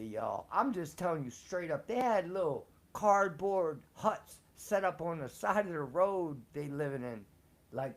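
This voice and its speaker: A man casually telling personal stories, slangy and profane, laughing often. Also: high voice. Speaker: storyteller on a live show. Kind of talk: casual storytelling.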